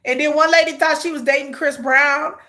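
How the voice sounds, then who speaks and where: A woman hosting a live stream, chatting casually and gossipy, animated, often bursting into laughter and shrieks. She talks straight to her viewers, calling them "girl.". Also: high voice, a little fast. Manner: animated, laughing, shrieks and squeals names at the screen. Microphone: phone or camera on a tripod.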